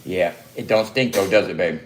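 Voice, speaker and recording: A man's voice: low voice, moderate pace. A man hosting a casual livestream from his home, swearing constantly and laughing often. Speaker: livestream host. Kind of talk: profane casual livestream chat. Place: room at home.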